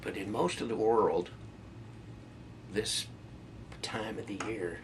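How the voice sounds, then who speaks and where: Middle-aged man, slow and deep-voiced, stumbling and self-deprecating as he reads aloud. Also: a little hiss or hum. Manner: reads greetings haltingly, stumbling over foreign words. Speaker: video blogger. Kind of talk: casual reading to camera.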